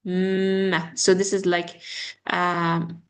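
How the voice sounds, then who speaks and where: A young woman teaching an online English pronunciation lesson. She halts often with fillers and slowly repeats words as models. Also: on the low side, flat delivery.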